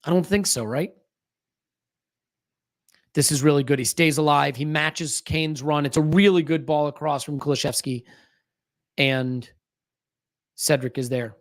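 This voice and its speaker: Watch-along podcast host, live match commentary, anxious fan energy, mid-pitched, desk mic. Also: unhurried, pauses often. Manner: anxious, restless fan commentary with frequent restarts. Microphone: fiddles with a desk microphone.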